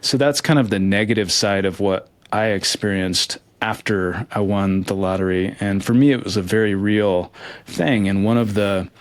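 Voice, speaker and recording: This interview guest, a man who won the lottery, talks at a normal speed in a fairly low voice, recorded without echo. He reflects openly and earnestly, hesitating, frequently starting over, and letting out soft laughs.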